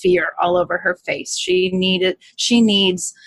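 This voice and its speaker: A woman co-hosting a casual podcast chat, animated and giggly, asking questions. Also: mid-range voice, slow, vocal fry, no room sound. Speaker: podcast co-host.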